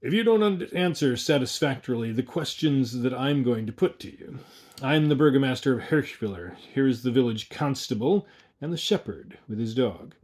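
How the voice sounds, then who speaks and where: A man's voice: medium pitch, lively intonation, normal speed, a little mellow, natural voice. A man voicing a bossy, blustering middle-aged village mayor with a coarse voice. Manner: blustering, commanding.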